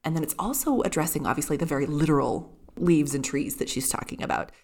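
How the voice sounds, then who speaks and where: A woman's voice: low-pitched, fast, a little mellow. A woman co-hosting a podcast, chatting casually about a novel with lots of filler words. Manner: chatty, many fillers like "kind of" and "like". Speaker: podcast co-host. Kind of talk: casual literary podcast chat.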